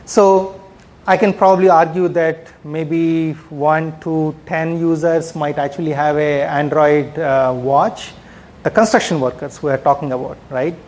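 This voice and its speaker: Speaking at a measured pace, this man has a slightly high, slightly mellow voice with a steady tone. He's giving a conference talk on product management, keeping it conversational, sprinkling in fillers and often closing points with "right?"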